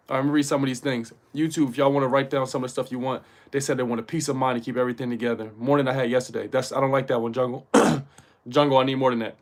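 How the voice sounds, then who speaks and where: A man's voice: medium pitch, level tone, racing. A man hosting a casual livestream motivational talk, slangy and profane, who keeps checking in with his listeners. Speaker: host.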